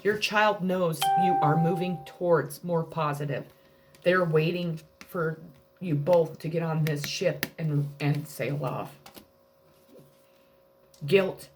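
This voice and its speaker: A woman's voice: sits low, slow pace, slight background noise. Blunt, heartfelt woman reading tarot. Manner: blunt, heartfelt, with frequent swearing. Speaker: tarot card reader. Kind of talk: spiritual tarot reading monologue.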